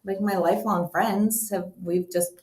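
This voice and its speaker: A woman co-hosting a podcast in casual chat, soft-spoken and a bit hesitant. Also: medium pitch, fairly even intonation, measured pace, slight background noise. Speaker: podcast co-host. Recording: echoey room.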